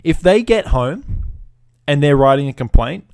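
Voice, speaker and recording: A man's voice: on the high side, lively intonation, a little slow, vocal fry, darkish tone, dry recording, clean studio sound. A man hosting a podcast, telling a story as a swaggering, sweary and mocking rant into a podcast mic. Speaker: podcast host.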